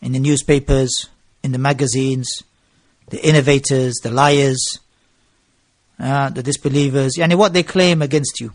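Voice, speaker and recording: A man's voice: medium pitch, moderate pace, no room sound, clean studio sound. A male preacher, lecturing a gathering and telling stories, with phrases mixed into his English. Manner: mixes Arabic phrases into English, animated storytelling. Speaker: Islamic preacher.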